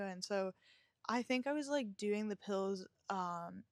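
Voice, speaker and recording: A woman's voice: mid-range voice, a little slow, dry recording, studio quality. A woman hosting a podcast, telling her own story in a reflective, confessional way with many filler words. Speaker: podcast host. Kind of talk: candid personal storytelling.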